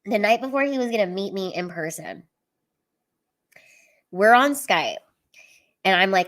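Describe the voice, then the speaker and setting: A woman's voice: medium pitch, lively intonation, a little slow, pauses often, fairly bright tone. A woman stand-up comedian telling personal stories at home in a candid, chatty way, filling her talk with "like" and casual swearing. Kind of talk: candid storytelling livestream.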